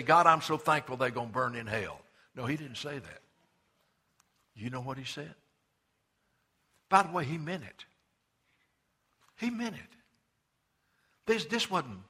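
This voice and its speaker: A male pastor preaching an emphatic, conversational sermon, swinging between loud urging and hushed quiet, often repeating words as he restarts. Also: a little high, husky.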